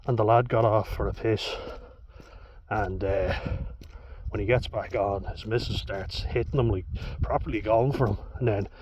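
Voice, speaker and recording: A man's voice: on the low side, fairly even intonation, moderate pace, darkish tone. A young Irish man telling a story in a casual, blunt way, swearing freely and laughing between lines. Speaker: vlogger. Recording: dull lo-fi with faint hiss.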